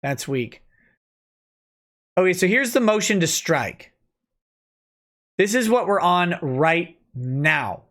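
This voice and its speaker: A man's voice: high-pitched, slow, a bit bright. A man in his thirties hosting a casual livestream, reading chat comments aloud and reacting to them between going over a legal document.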